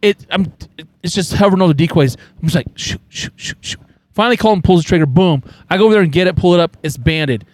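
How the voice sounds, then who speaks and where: A man's voice: high-pitched, racing, darkish tone, dry recording. A man telling a rambling hunting story on a casual podcast, defending his side of it. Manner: rambling, self-justifying. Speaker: podcast guest.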